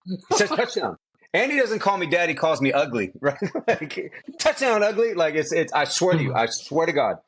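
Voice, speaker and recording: A middle-aged quarterback trainer with a voice on the high side talks a little fast over slight background noise. Chatting casually on a podcast, he tells animated stories, stays emphatic, and repeats phrases for effect.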